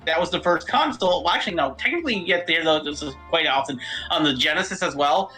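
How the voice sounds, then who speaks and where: A woman's voice: low-pitched, expressive, fast talker, pushed and bright, faint music behind, rough recording. A woman streaming a game, chatting casually and explaining things knowledgeably.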